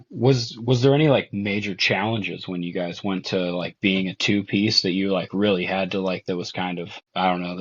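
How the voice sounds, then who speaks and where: A man's voice: low-pitched, a bit bright, breathy edge, dull audio. A man hosting a podcast, asking laid-back questions full of "like" fillers. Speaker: podcast host. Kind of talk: casual podcast interview.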